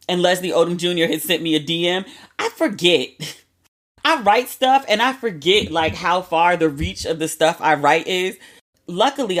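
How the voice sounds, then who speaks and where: Chatty, candid woman host with a lowish voice. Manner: candid, chatty, with slang and cursing. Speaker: podcast host. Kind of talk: casual storytelling monologue.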